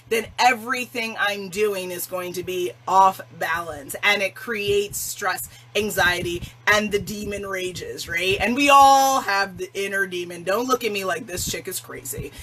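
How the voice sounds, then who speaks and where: Female livestream host, casual and emphatic, laughs often, bright forceful tone. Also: medium pitch, low-quality recording. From Jamaican family. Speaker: self-love challenge host.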